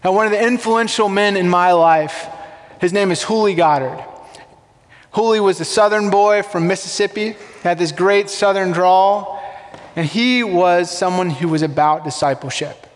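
A man with a notably high voice preaches a sermon in a relaxed, conversational way, often throwing rhetorical questions to his congregation. His voice rings out with the long reverb of a large church sanctuary. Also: normal speed. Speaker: pastor.

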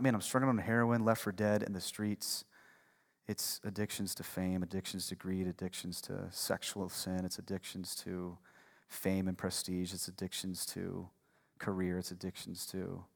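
Fired-up pastor preaching in a big hall. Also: male voice, fairly low pitch, creaky. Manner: conversational, swings from hushed to fired-up preaching. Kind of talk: sermon. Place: church sanctuary. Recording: long reverb of a large hall.

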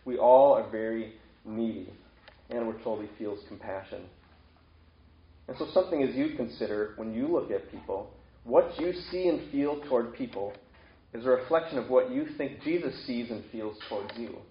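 A man's voice: mid-range voice, lively intonation, normal speed. A man gives a sermon in a loose, conversational way and keeps putting questions to his listeners. His voice rings in an echoey room, and the recording sounds dull and lo-fi. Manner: conversational preaching with rhetorical questions. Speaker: pastor.

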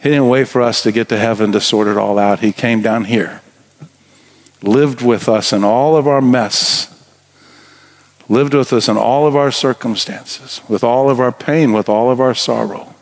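A man's voice: medium pitch, moderate pace. A middle-aged man preaching a sermon as pastor in a church sanctuary, earnest and building to emphatic exhortation.

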